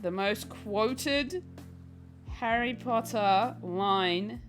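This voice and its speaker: A woman's voice: mid-range voice, very slow, soft background music. A woman streamer chatting casually with her viewers while she paints. She reads chat messages aloud and laughs often.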